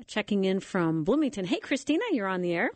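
A woman's voice: medium pitch, big pitch swings, brisk, no echo. Encouraging woman hosting call-in radio. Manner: warm, encouraging, enthusiastic. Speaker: radio talk show host. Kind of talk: call-in radio talk show. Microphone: studio microphone.

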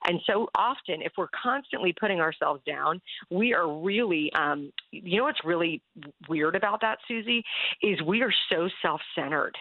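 Woman, gravelly low voice, tinny phone-line sound, earnest chatty coach, laughs easily. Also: expressive, normal speed, dry recording. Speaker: guest coach. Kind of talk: casual chat.

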